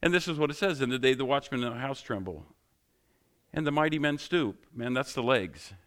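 A man's voice: mid-range voice, a little fast, a bit bright. A middle-aged man, a pastor, giving a sermon in a conversational, joking style full of rhetorical questions.

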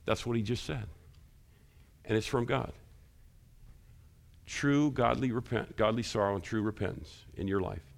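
Gravelly-voiced man preaching a sermon. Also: normal speed, long pauses. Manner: animated preaching, rising loud and high when stressing points; talks to the congregation with questions. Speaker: pastor.

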